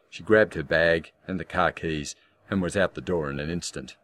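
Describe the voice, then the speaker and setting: A man in scripted audiobook narration with a measured, darkly wry storytelling manner. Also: low voice, a bit bright.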